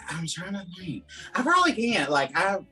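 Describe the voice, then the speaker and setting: A man's voice: high voice, sing-song, unhurried, sharp tone, breathy edge, faint music behind, rough recording. A man with a Southern US accent, chatting as an interview guest and rambling through his answers with lots of "like" and "um". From Georgia, USA. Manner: chatty, rambling, heavy use of "like" and "um". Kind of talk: casual interview chat.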